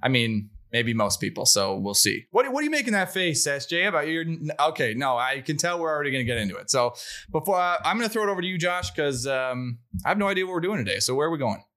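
Bright-voiced joking podcast host, a man. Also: a little high, big pitch swings, fast talker. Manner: joking, self-deprecating banter. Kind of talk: casual podcast chat.

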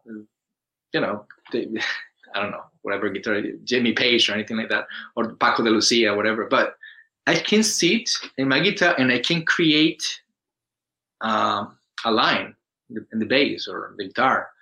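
A man from Colombia with a Colombian Spanish accent, a guest in a casual interview, telling stories in a lively way and acting out quoted voices. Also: lowish voice, normal speed, low-quality recording. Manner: animated storyteller, acts out quoted voices, restarts often.

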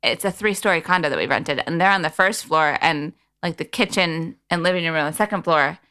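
Brief: woman co-host, thirties, bright tone, loose self-deprecating banter. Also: low voice, brisk, clear, resonant tone. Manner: chatty, self-deprecating, laughs easily. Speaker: podcast co-host. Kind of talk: casual chat.

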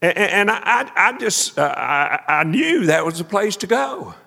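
A man preaching a sermon as a folksy, animated story, shouting praise and laughing along the way. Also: high-pitched, normal speed, creaky. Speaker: preacher and minister of missions. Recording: echoey hall.

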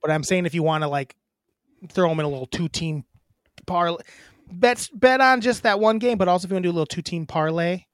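A woman's voice: lowish voice, fairly quick, dry recording, clean studio sound. A woman co-hosting a podcast, chatting casually and joking brashly. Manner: brash, joking, gives betting picks. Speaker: podcast co-host. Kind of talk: casual chat.

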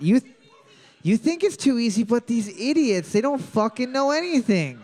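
A man hosting a trivia quiz, reading each question slowly and joking and swearing between rounds. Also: very high-pitched, very animated, darkish tone. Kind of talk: casual trivia hosting with banter.

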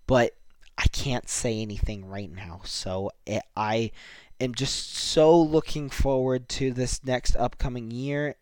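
A young man hosts his podcast solo, speaking slowly with a smooth, clear voice. He sounds earnest and a bit emotional, often restarting his sentences. The recording is dry and close. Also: mid-range voice, darkish tone, no echo. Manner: earnest, halting, grateful. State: a little emotional. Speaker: podcast host.

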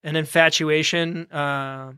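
A man co-hosting a podcast in casual chat, relaxed and rambling with plenty of fillers. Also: fairly high pitch, takes it slowly, smooth, no echo, clean studio sound. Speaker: podcast co-host.

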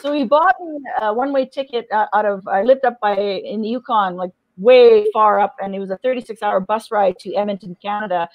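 A middle-aged woman, a guest in an interview, frankly tells her personal story, often restarting and repeating words and laughing between heavy memories. Her mid-range voice moves a little fast with few pauses. The audio is dull, with no room sound.

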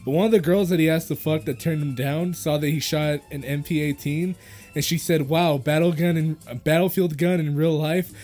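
A man's voice: a little high, steady tone, normal speed, darkish tone, faint music behind. Rambling laughing podcast guy. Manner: rambling storyteller, laughs often. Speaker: podcast co-host. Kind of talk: casual podcast chat.

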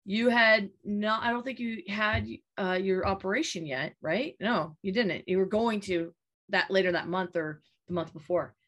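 A woman in her late thirties chats on a podcast in a middle-pitched voice. She tells stories candidly and animatedly, with laughter and some swearing. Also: normal speed, a bit bright, highs cut off. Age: late 30s. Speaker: podcast co-host. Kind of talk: casual chat.

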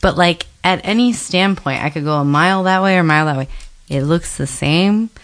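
Low-voiced chatty woman. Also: brisk. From Florida. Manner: chatty storyteller, lots of fillers. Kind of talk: casual chat.

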